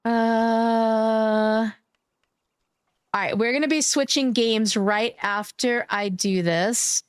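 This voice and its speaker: A woman streamer chatting casually with her viewers, gushing and affectionate as she thanks them by name, playful and quick to giggle. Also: a little high, steady tone, clean tone, dry recording, studio quality. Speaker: live streamer. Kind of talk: casual live-stream chat.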